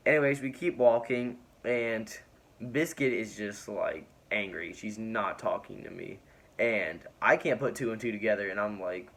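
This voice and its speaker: A man's voice: on the low side, gravelly, fairly bright tone. Rambling young man telling a story. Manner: rambling, filler-heavy, laughing often. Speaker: vlogger. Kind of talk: casual storytime.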